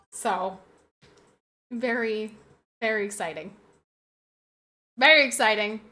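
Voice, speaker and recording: A young woman chats casually on a live stream in a bright, ringing voice pitched a little high. She talks emotionally, doubles back on her own phrases and laughs often while answering her audience. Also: unhurried, pauses often. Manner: emotional, repeats phrases, laughs often, reads chat aloud.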